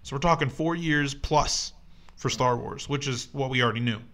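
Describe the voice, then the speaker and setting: A man's voice: medium pitch, moderate pace, sharp tone. A young man co-hosting a podcast in casual chat, rambling with lots of fillers and restarts, and reading news aloud. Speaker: podcast co-host.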